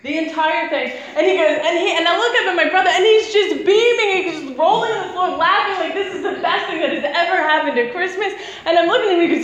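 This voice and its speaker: A woman's voice: extremely high pitch, quick pace, few pauses, fairly bright tone, highs cut off. A woman in her thirties preaching a conversational sermon, chatty and breaking into laughter as she tells stories. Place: church hall. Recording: echoey church hall with faint noise.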